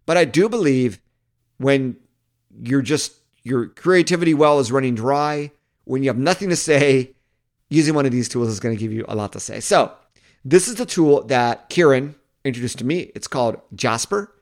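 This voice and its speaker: A man's voice: medium pitch, animated, moderate pace. A man hosting a casual walkthrough of a marketing tool, chatty and thinking aloud. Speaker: marketing video host. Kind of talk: casual screen-recording walkthrough.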